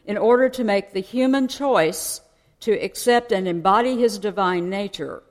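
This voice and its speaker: A woman's voice: mid-range voice, normal speed. A woman preaching a sermon in a conversational way, explaining and asking her listeners questions. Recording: long hall reverb.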